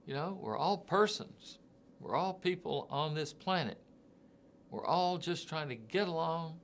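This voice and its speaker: A man hosting a motivational talk, speaking in an earnest, encouraging way with frequent pauses and restarts. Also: medium pitch, slight background noise. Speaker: host.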